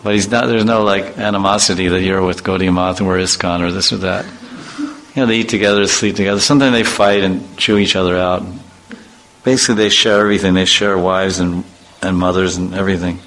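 A man giving an informal devotional talk in a bright, forceful voice, chatty and playful as he tells stories. A faint hum sits under the recording. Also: deep voice, fairly even intonation, fairly quick, low-quality recording. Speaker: devotional speaker. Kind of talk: informal religious talk with anecdotes.

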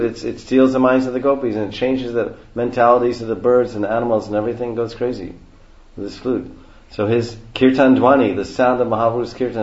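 A man's voice: medium pitch, darkish tone. A man giving a devotional lecture, explaining verses and repeating key phrases. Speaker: spiritual teacher. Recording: roomy, dull lo-fi recording.

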